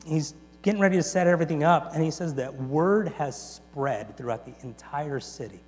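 A man preaching a sermon, retelling a story in an animated way, swinging between loud and quiet with quick restarts. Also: on the high side, faint music behind. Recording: long reverb in a large hall, faint mains hum.

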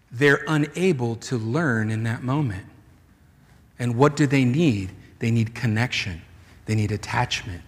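A man preaching a sermon as a pastor, conversational and animated, with playful asides. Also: mid-range voice, unhurried, big-room sound.

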